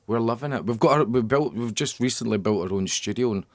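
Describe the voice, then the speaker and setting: A middle-aged Scottish man in a radio studio, chatting in a casual interview, halting and rambling with many restarts. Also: medium pitch, no echo. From Scotland. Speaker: band member guest.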